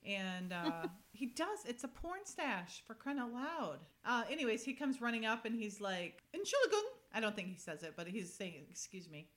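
A woman hosting a casual chat, recapping a TV episode in a lively, talkative way and laughing often. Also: fairly high pitch, moderate pace, few pauses. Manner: chatty, laughs often, animated retelling. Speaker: podcast host.

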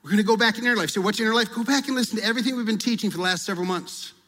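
High-voiced male pastor in a reverberant hall. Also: very fast, a bit bright. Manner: conversational preaching, acts out prayers and confessions. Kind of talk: sermon.

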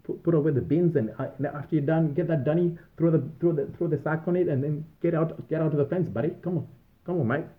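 A man's voice: a little high, fast, voice pushed up, natural voice. A man putting on a bossy Australian pizza shop supervisor who barks mumbled orders. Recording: tinny phone-like audio.

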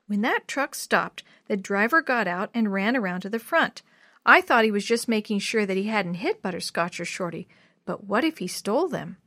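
A woman voicing a sad little girl who misses her lost cat, soft and downcast. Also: medium pitch, animated, moderate pace, no room sound, clean studio sound.

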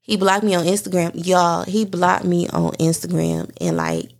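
A woman's voice: fairly low pitch, very animated, moderate pace, gravelly. A woman hosting a podcast, speaking heartfelt and candid, addressing her listeners directly in a personal monologue. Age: adult mother. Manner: heartfelt, talks straight to listeners. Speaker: podcast host.

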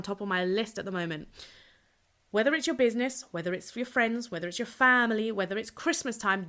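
A woman's voice: mid-range voice, a bit bright. A young woman hosting a solo coaching podcast, talking bluntly and energetically and swearing freely. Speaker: podcast host and purpose coach.

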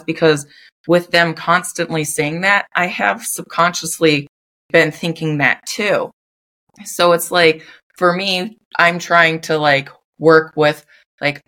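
A woman's voice: on the low side, fairly even intonation, a little slow, fairly bright tone. A young woman hosting her own podcast, talking loosely and unscripted with lots of "like" fillers. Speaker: podcast host. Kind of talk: casual solo podcast chat.

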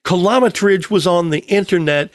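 A man's voice: sits high, fairly quick, dry recording, clean studio sound. A man co-hosting a car podcast, joking at his own expense and laughing often. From United States. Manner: jokey, self-mocking, laughs a lot. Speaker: podcast co-host. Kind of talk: casual chat. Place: podcast studio.

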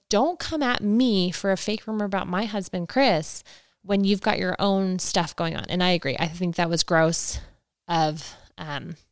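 A woman's voice: lowish voice, clean tone, dry recording, clean studio sound. A young adult woman hosting a solo recap podcast, chatting casually, opinionated and rambling with lots of fillers. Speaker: podcast host.

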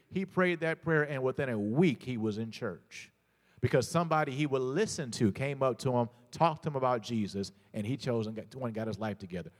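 Storytelling male preacher in a reverberant hall. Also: medium pitch. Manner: storytelling, repeats words, calls out to the congregation. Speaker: pastor. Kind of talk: sermon.

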